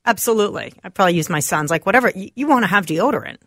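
A woman co-hosts a radio show from the studio, chatty and quick to read answers aloud from her phone. Her voice is mid-pitched and sits close and dry on the mic, with no room sound. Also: expressive, no room sound. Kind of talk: casual studio banter.

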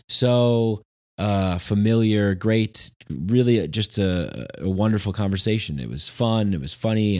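A man hosting a podcast, talking in a loose, rambling monologue that turns sarcastic and animated. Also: deep voice. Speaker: podcast host.

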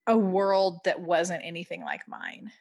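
A woman's voice: lowish voice, wildly swooping pitch, measured pace. A woman hosting a podcast interview, with English lightly shaped by a Spanish accent, speaking effusively and with enthusiasm. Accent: Spanish-influenced English. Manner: warm, effusive, enthusiastic praise. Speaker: podcast host. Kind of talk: casual interview chat.

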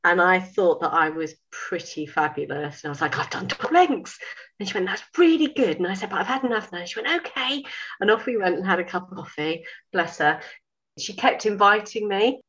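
Woman, 50s, storyteller, low voice, dull lo-fi sound. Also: a little fast, husky. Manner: animated, laughing, acts out dialogue. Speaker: sewing school owner. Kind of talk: casual storytelling.

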